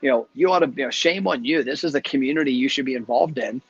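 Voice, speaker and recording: A man talks quickly and chattily, hosting a casual live chat. His stories roll out at a brisk clip. The sound is dull and lo-fi, like a live stream. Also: medium pitch, slightly rough. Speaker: host. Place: travelling, speaking from a hotel.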